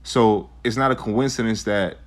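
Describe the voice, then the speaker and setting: A man's voice: fairly low pitch, fairly even intonation, normal speed. A young man telling a rambling, profane personal story in a casual way, with lots of fillers. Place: Arizona.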